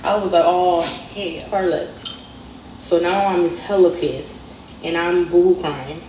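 A woman's voice: lowish voice, moderate pace, dark tone, far from the mic, a little hiss or hum. Young Southern woman telling a story. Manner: conversational, retells dialogue. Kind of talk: storytime narration. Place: played clip inside a reaction video. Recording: echoey clip heard from afar.

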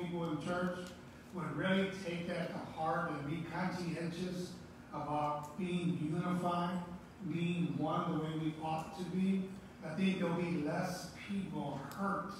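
A man's voice: fairly high pitch, noisy background. A man preaching a sermon, emphatic, repeating key words for stress. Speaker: pastor. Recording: echoey room, voice from far off.

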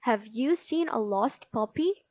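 A woman's voice: on the high side, lively intonation, slow pace, a little mellow, dry recording. A woman voicing a kind, worried young boy in a read-aloud storybook. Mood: earnest. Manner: earnest, anxious calling.

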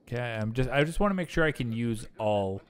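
A man's voice: medium pitch, lively intonation, a little fast, clear, resonant tone. A young man chatting casually and bluntly with profanity while streaming a game. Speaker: gaming streamer. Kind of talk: casual chat while gaming.

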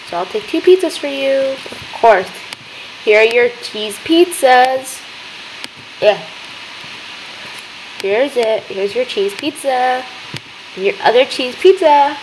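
A young woman hosting a gaming video, chattering excitedly as she plays and talking to the characters on screen. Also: sits high, slight background noise, rough recording. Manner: excitable, gasping, talks to game characters. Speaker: gaming channel host. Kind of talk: let's-play commentary.

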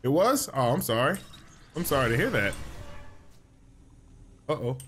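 A man's voice: mid-range voice, sing-song, a little slow, fairly bright tone, soft background music. A young man chatting playfully and jumpily while playing a horror game with a friend. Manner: playful, jokey, easily spooked. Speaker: gaming YouTuber. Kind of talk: casual gameplay chat.

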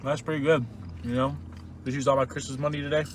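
Fast-talking young man teasing in a car. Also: mid-range voice, little pitch movement. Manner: teasing, blunt. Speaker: podcast co-host doing a food review. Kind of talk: casual chat while eating. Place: inside a parked car.

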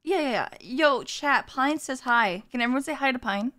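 A woman's voice: high-pitched, normal speed, fairly bright tone. A woman streamer chatting with her viewers, bubbly as she reads and thanks the chat.

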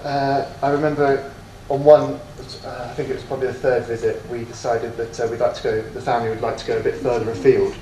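A man's voice: medium pitch, level tone, fast talker, hardly any pauses, dark tone. Man lecturing from afar, hesitant. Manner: hesitant, many ums and restarts, self-deprecating. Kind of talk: autobiographical lecture. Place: lecture room. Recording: echoey room from far off, faint noise.

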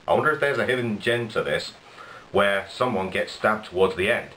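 A man's voice: fairly low pitch, fairly quick, bright, forceful tone, a little hiss or hum. A man vlogging in a dry, sardonic comic monologue. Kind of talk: comedic monologue vlog. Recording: echoey room with faint ambience.

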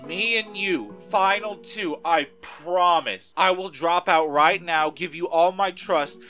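A man's voice: high-pitched, slow, pushed and bright, soft background music, heavily acted. A man voicing a scheming cartoon girl who pleads for a deal and sneers behind her ally's back. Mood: pleading. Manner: pleading, then sneering aside.

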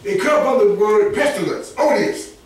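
High-pitched, animated preacher in echoing church. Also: male voice, moderate pace. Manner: emphatic, animated preaching with rising shouts and chuckles. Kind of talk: sermon. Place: church sanctuary. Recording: echoey church from far off.

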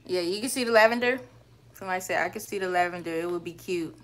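Fast and a bit bright despite her fairly low pitch, this young Southern woman from North or South Carolina livestreams from home about hair. She reads out comments in a chatty, loose way, often trailing off with fillers.

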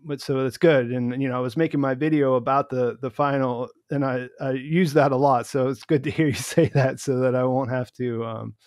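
A man's voice: mid-range voice, steady tone, normal speed, few pauses, darkish tone, no echo, clean studio sound. A man hosting a casual discussion, rambling, with many restarts and fillers. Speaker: host.

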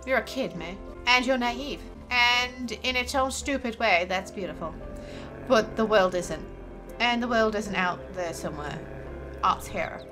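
A woman's voice: a little high, measured pace, music in the background, close to an everyday voice. A woman reading a stern small-town policewoman.

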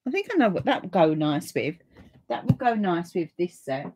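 A middle-aged woman with a British accent hosting a relaxed live papercraft stream, chatting to viewers and easily delighted. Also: fairly low pitch, normal speed, slightly rough. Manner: chatty and easily delighted, with frequent gasps and laughs.

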